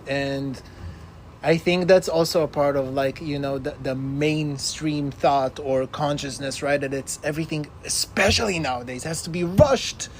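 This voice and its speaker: A man's voice: on the high side, a little hiss or hum. A man hosting a podcast, talking casually with many "uh"s and tag questions. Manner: hesitant, many "uh"s and "right?". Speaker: podcast host. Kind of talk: casual conversation.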